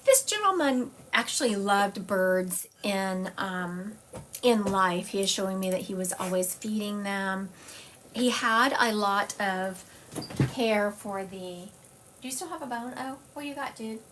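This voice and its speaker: A woman's voice: medium pitch, lively intonation, a little slow, noisy background. A woman psychic medium giving a live-stream reading at home, chatty and digressive, drifting into side stories.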